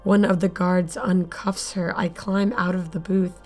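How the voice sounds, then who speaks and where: A woman's voice: fairly low pitch, little pitch movement, unhurried, gravelly, hardly any pauses, a little mellow, faint music behind. A woman narrating an audio drama in the first person, sardonic and blunt, swearing freely. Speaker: narrator and lead character.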